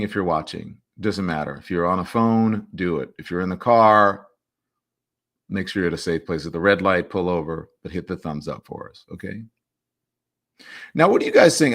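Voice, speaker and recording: A man hosting a livestream talk show, reading viewer comments and reacting in an animated, emphatic way with teasing asides. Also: low-pitched, vocal fry.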